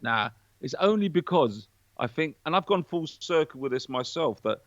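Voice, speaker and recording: A man, a podcast guest in casual chat, talking in an animated, preachy way with plenty of swearing. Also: on the high side, moderate pace, dry recording, dull audio.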